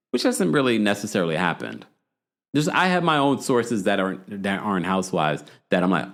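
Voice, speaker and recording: A man hosting a reality TV recap podcast, telling the story in an animated, gossipy way and checking in with "okay?" asides. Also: lowish voice, fairly quick, vocal fry. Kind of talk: casual chatty recap.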